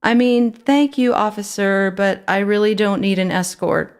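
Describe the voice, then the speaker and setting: A woman's voice: medium pitch, normal speed, pitched above the performer's own voice, natural voice. A woman voicing a panicky girl posing as a grown woman, stammering and flustered when she talks.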